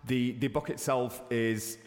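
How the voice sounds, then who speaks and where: A man in his thirties, a guest chatting in an interview, telling stories with sudden high excited bursts. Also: measured pace, long reverb tail. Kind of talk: casual interview chat.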